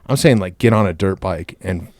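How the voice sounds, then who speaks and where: A man's voice: sits low, normal speed, no room sound. A man hosting a podcast, chatting in a laid-back way and calling his guest dude. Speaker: podcast host. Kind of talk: casual podcast chat.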